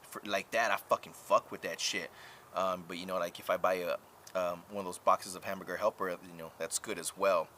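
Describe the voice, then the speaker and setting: A man's voice: sits low, steady tone, sharp tone, slight background noise. A man live-streaming casual chat, talking frankly and profanely, rambling with lots of fillers while answering viewers. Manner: drawn-out filler-heavy talk.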